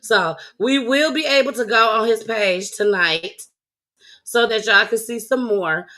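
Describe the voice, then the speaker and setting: A woman's voice: on the high side, measured pace, sharp tone. A woman hosting a casual chat show, talking loosely and laughing as she speaks straight to her viewers. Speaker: host.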